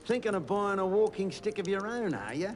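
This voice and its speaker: An actor playing a smug, bullying rich businessman in a video game, with a gravelly, sneering voice. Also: high-pitched, animated, fairly quick. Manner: sneering, threatening.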